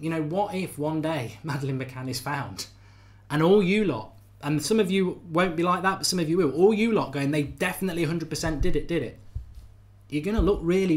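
Podcast host, man, middle-aged, fairly high voice, animated and emphatic, repeats himself for effect. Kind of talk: live debate podcast, reading viewer comments.

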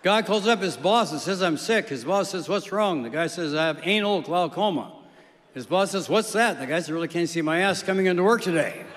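A man from South Dakota delivers one-liners with a deadpan touch. His voice sits a little high. It rings out through a large hall. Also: slight background noise. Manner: deadpan joke telling with quick voices for characters. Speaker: comedian. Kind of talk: stand-up jokes on stage, then interview. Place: large concert hall stage. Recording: reverberant hall.

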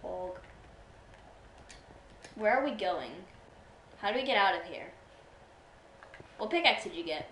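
A woman streamer chatting playfully while gaming, with bursts of excitement. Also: medium pitch, normal speed, long pauses, roomy sound, slight background noise, poor audio. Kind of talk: casual gameplay chat.

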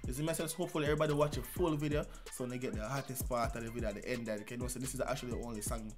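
A young man with a Jamaican accent, a music reaction vlogger talking casually in patois with loud excitable bursts. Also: medium pitch, very fast. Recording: music playing loudly behind.

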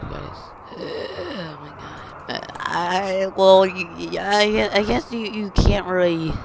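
A gaming channel host giving excitable let's-play commentary, talking to the game characters and shouting when things go wrong. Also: medium pitch, vocal fry, background noise.

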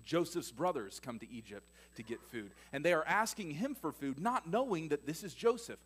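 A male pastor preaching in a church, retelling stories in a fairly high voice. His delivery swings between emphatic, louder passages and quiet, hushed ones. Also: animated, moderate pace, slightly rough. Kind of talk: sermon.

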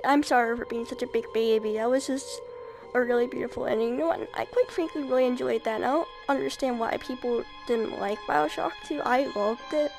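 High-voiced emotional woman gamer. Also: a little fast, gravelly, low-quality recording. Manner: emotional, rambling, many fillers. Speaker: video game streamer. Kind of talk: casual let's-play commentary. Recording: game music playing under voice. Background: game music.

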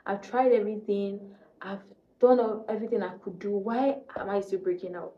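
A woman's voice: medium pitch, fairly even intonation, moderate pace, mellow, roomy sound, muffled recording, a little hiss or hum. A young woman vlogger from Nigeria telling a faith testimony, earnest and repeating key phrases for emphasis.

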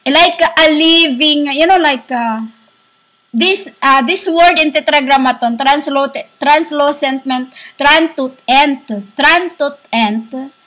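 A woman giving a rambling spiritual monologue, halting and searching for words, recorded on a laptop's built-in microphone. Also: high-pitched, sharp tone, low-quality recording. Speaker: self-styled spiritual speaker.

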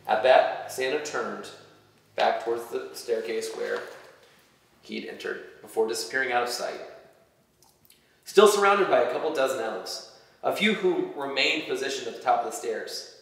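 A man reading his own fan fiction story aloud, with animated storytelling. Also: mid-range voice, normal speed, creaky. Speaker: reader. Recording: echoey hall from far off.

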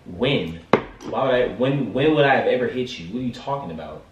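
A young man sounds incredulous and defensive, and his pitch swings widely as he protests. He talks from a distance, and the room around him echoes. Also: expressive, brisk, highs cut off. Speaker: vlogger, prank target. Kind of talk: casual couple banter.

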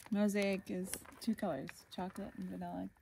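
Woman in her thirties, calm family chat, explains simply, mid-pitched voice, clear background noise. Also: fairly quick. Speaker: vlogger, mother. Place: inside a large tent.

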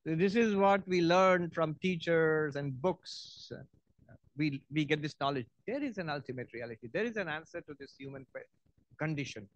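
A monk giving a spiritual lecture at a university, telling a parable and acting out its parts. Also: male voice, on the high side, no room sound, muffled recording. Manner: animated, acts out story parts.

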